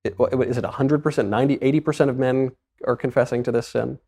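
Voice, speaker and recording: A man's voice: medium pitch, steady tone, quick pace, gravelly, mellow. A man hosting a podcast, asking a priest questions in a curious, wry way. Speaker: podcast host. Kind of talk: interview conversation.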